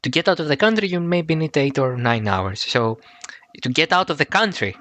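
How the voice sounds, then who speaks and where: A man hosts a podcast in a halting, filler-heavy way. His voice is dry and close, with no room sound. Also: a little high, no room sound. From Greece. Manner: hesitant with many "uh" and "um", jumps to excited exclamations. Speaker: podcast host. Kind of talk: casual podcast chat.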